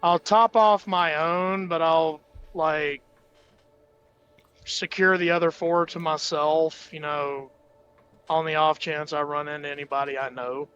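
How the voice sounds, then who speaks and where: A man's voice: a little high, fairly even intonation, a little slow, a bit bright, smooth, soft background music. Casual male player, dull lo-fi mic. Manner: casual, filler-heavy. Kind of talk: casual tabletop role-play.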